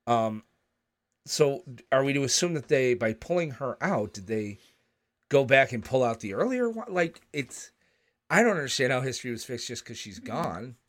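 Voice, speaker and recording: A man co-hosts a casual podcast chat, animated and fond of jokes. His voice sits at an ordinary middle pitch. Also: normal speed.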